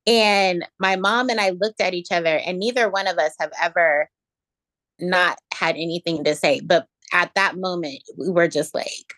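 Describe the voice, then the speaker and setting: A woman's voice: lowish voice, moderate pace, fairly bright tone, no room sound. A woman guest in an interview, telling stories in a reflective way with many fillers and restarts. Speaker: interview guest, education equity director. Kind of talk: conversational storytelling in an interview.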